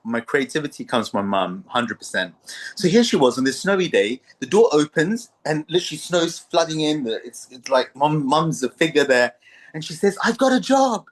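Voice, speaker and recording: This is a man in the middle range of pitch, a guest on a conversational podcast. He tells stories with energy and laughs often as he talks. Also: normal speed. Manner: animated, laughs often while telling stories. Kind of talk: storytelling in conversation.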